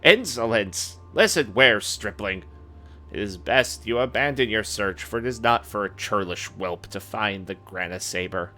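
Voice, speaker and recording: A man's voice: lowish voice, measured pace, pushed and bright, faint music behind. A man voicing a pompous elderly male cardinal in a fantasy game, with haughty, scolding archaic speech. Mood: indignant.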